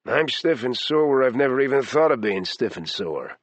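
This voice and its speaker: A man's voice: mid-range voice, lively intonation, moderate pace, no echo, lightly acted. A man voicing a wisecracking, easygoing man in his mid-forties in an audiobook. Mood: joking. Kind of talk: audiobook character voice.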